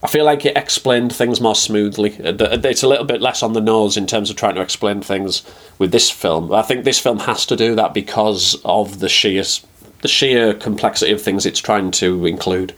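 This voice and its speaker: Man, fairly low voice, measured film talk, hesitant openings. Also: steady tone, fairly bright tone. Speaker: podcast co-host. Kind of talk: casual film review chat.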